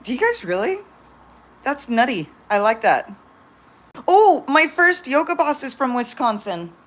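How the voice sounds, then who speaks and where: A woman's voice: high-pitched, very animated, a little slow. A young woman from San Diego, with a Californian accent and a hint of New York, chatting bubbly on a livestream to her viewers and her pets. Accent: Californian, slight New York. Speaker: vlogger. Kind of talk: casual livestream chat.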